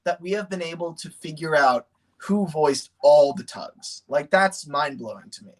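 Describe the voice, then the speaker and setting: A man streaming a casual chat, excited and animated, laughing often and slipping into voices. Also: fairly high pitch, moderate pace, low-quality recording.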